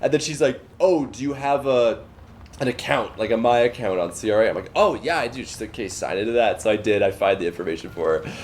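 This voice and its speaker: A man's voice: on the low side, quick pace, a little hiss or hum. Young canadian guy on a podcast, rambling through a story, swearing, doing little voices for people. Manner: animated storyteller, swears, acts out quoted voices. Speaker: podcast co-host. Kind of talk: casual storytelling chat.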